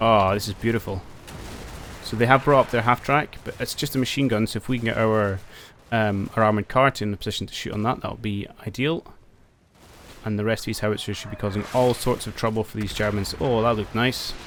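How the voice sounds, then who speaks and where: A man with a fairly low voice talks through a tactical war game as he plays. He muses out loud, hesitates with ums, and addresses his soldiers like a coach cheering them on. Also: a little fast, slight background noise. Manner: thinks aloud, talks to his units, excited outbursts. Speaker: gameplay commentator. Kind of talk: casual let's-play commentary.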